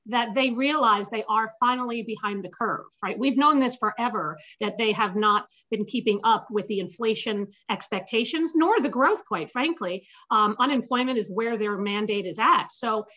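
A woman's voice: fairly high pitch, moderate pace, hardly any pauses, fairly bright tone. Confident woman on a dull remote line. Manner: confident, explanatory. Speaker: guest investment strategist. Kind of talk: interview answers on markets.

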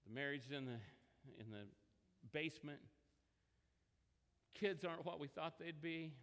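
Guy preaching in a church, high bright voice, big hall reverb, chatty storytelling. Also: normal speed. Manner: conversational storytelling, animated pitch swings. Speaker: pastor. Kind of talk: sermon.

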